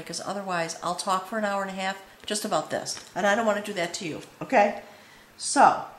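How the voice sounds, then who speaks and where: Earnest woman reading tarot in an echoey room. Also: mid-range voice. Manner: meandering, earnest, frequent "okay?" check-ins; emotional, a little choked up. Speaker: tarot reader. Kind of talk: spoken tarot reading to viewers. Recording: echoey room with faint ambience.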